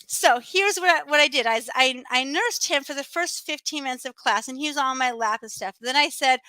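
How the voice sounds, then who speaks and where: Bright, chatty woman on a webcam. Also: high voice, brisk, few pauses, no room sound. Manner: chatty, animated, laughs often. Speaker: online teacher. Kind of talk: casual chat to viewers. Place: home office.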